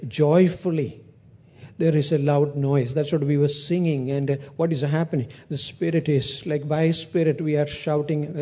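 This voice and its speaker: A man's voice: on the high side, warm tone. A man preaching a sermon, retelling a parable with acted-out dialogue and frequent restarts.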